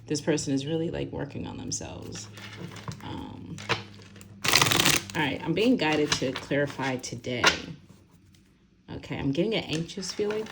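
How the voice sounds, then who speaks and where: Young woman doing a tarot reading, low voice, rambly, lots of "like" and little laughs. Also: fairly even intonation, moderate pace, noisy background. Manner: rambling, filler-heavy, laughs often. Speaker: tarot reader.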